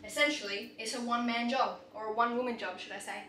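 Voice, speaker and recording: A young Australian woman chatting casually in a home vlog, bubbly and quick to exclaim. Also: fairly high pitch, fairly even intonation, roomy sound, background noise. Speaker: vlogger. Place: room at home.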